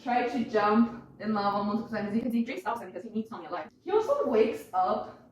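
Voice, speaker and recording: A woman's voice: a little high, lively intonation, fast. A young woman giving a chatty, rambling presentation to her family, swearing and laughing as she explains. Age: young adult. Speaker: student presenter. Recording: very echoey room, far from mic.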